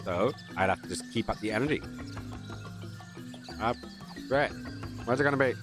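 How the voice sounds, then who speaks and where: A man's voice: medium pitch, moderate pace. A man giving chatty, joking gameplay commentary with crude asides as a streamer. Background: game music.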